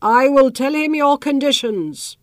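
A woman voicing a shrill, anxious queen mother who speaks high and slowly. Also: dry recording, clean studio sound. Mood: urging. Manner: high, slow and wailing.

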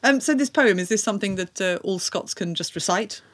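Curious woman interview host. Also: mid-range voice. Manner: curious, laughs often, quick questions. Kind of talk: casual interview chat.

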